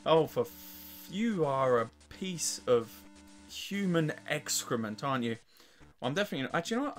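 An English man with a worn, weakened voice talks through a video game in a loose, profane way, chuckling and cursing at his opponents. His pitch sits in an ordinary middle range. Soft music plays faintly behind him. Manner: swearing, laughing, trash-talking the game. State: weak, worn voice. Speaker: let's play host. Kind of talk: casual gameplay commentary.

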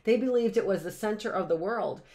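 A woman's voice: mid-range voice, fairly quick, warm tone. A woman, a teacher reading a picture book aloud to young children on a livestream and wandering into chatty asides and questions.

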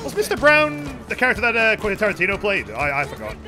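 A man streaming a game, chatting casually with viewers, excitable and swearing freely. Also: high-pitched, fast talker. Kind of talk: casual gameplay commentary. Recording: game music playing behind.

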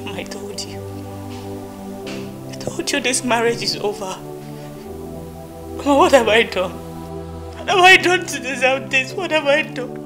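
A woman's voice: high voice, animated, measured pace, long pauses, over music. An actress playing a distraught, tearful young woman who has been jilted, speaking Nigerian English. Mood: despairing. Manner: crying, despairing. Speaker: daughter.

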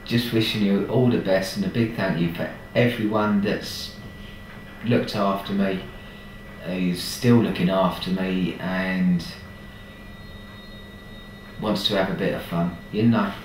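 A deep, steady male voice speaks slowly in a casual video message from a hospital ward, joking warmly with the staff as he thanks them. The room echoes, the mic is distant, and there's slight hiss or hum.

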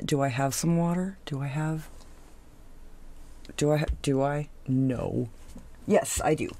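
Woman craft host, low voice with lively swoops, slow and rambling, coos at her materials. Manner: chatty, thinks aloud, trails off mid-sentence. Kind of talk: casual craft tutorial chat.

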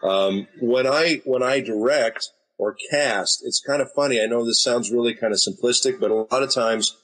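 Husky-voiced American man in his fifties. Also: medium pitch, moderate pace, fairly bright tone, low-quality recording. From United States. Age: 50s. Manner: easygoing, anecdotal storytelling. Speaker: voice actor and director guest. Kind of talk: casual interview talk.

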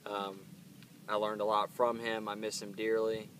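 A man's voice: fairly low pitch, monotone, measured pace, fairly bright tone, a little hiss or hum. Earnest rambling man, in pain, outdoors, distant mic, faint background ambience. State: in pain from pepper heat. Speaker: channel host reviewing hot peppers. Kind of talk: casual chat to camera.

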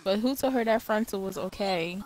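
A woman's voice: mid-range voice, moderate pace, darkish tone, low-quality recording. Exasperated woman gaming host. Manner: exasperated, profane, chatty. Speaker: let's play host. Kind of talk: casual game commentary.

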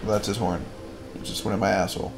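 A man giving goofy, crude gameplay commentary with sudden loud outbursts. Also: lowish voice, steady tone, fast talker, heavy background noise. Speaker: gaming channel host.

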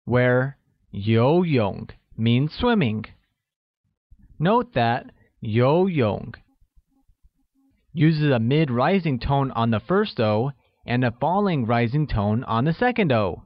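A man reading a scripted language lesson, slowly spelling out each phrase for learners. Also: medium pitch, very animated, no echo. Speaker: language teacher. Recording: dull, lo-fi voice-over recording.

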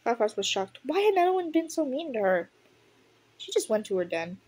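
A young woman casually reading a story aloud, giggling and reacting excitably to the plot as she goes. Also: a little high, brisk. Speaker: audiobook reader.

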